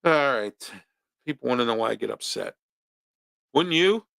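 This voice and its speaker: A man's voice: medium pitch, expressive, normal speed, vocal fry, fairly bright tone, no echo. A man from hosting a local talk show, ranting his opinions with pointed rhetorical questions. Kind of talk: opinionated monologue.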